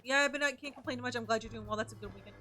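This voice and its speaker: A woman streaming a video game, chatting in a playful, expressive way and swearing freely. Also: fairly high pitch, racing. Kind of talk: casual gaming livestream commentary.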